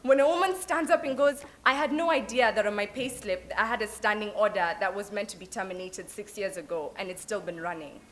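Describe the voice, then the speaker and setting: A young Kenyan woman giving a lively motivational talk at an open day, mixing in Swahili phrases. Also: medium pitch, brisk, few pauses, a little hiss or hum. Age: young adult. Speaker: alumna speaker. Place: event hall at an open day.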